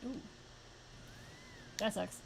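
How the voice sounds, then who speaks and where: A young woman streaming a fighting game, reacting with quick yelps, groans and laughs between plain remarks. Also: background noise. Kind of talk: live gameplay commentary.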